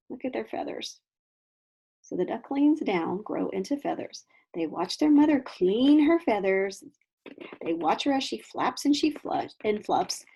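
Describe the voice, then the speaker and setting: With a creaky, slightly rough voice on the high side, a woman reads a picture book to kindergartners. Her delivery is animated and full of questions, and she breaks off to explain things to the children.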